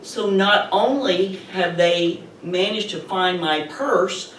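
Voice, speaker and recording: A middle-aged woman telling a personal story live to an audience, chatty and animated. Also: lowish voice, takes it slowly. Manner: animated, chatty retelling with laughs. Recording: roomy, distant mic with faint noise.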